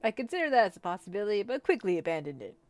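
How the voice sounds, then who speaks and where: A woman's voice: medium pitch, sing-song, racing, no room sound. A woman co-hosting a game let's-play, reading the narration and a boy's lines aloud with feeling. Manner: reads narration with feeling, laughs between lines. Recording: voice over game music. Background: faint game music.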